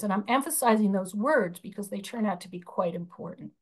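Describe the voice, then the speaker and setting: A woman's voice: on the high side, moderate pace, fairly bright tone. A woman chairing a union budget committee, presenting slides over a video call, explaining with frequent fillers and restarts.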